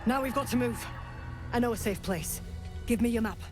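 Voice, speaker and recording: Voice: medium pitch, moderate pace, faint music behind, natural voice. A voice actor playing a curt, matter-of-fact scout who guides travelers through a cursed land in a video game. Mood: grim.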